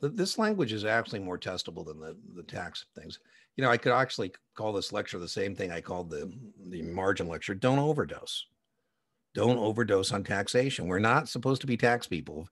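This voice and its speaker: A man's voice: low voice, big pitch swings, fairly quick, fairly bright tone, breathy edge, no echo. A man teaching an exam prep lecture in a chatty, digressive way, full of personal anecdotes and asides. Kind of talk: conversational recorded lecture.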